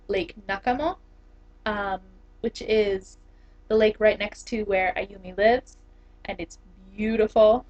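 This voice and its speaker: A young woman in her twenties, an English teacher, chatting casually to the camera with lots of fillers and laughs. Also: mid-range voice. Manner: chatty, giggly, many fillers. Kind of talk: casual vlog talk. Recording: dull lo-fi camera audio.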